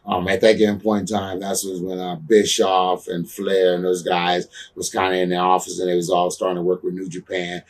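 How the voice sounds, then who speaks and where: Low-voiced guy in a shoot interview, swearing a lot, kinda far from the mic. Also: completely flat delivery, a little fast, few pauses. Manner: profane, blunt, with frequent "you know what I'm saying"; heated when recounting grudges. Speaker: interview guest, former pro wrestler. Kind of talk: candid shoot interview storytelling.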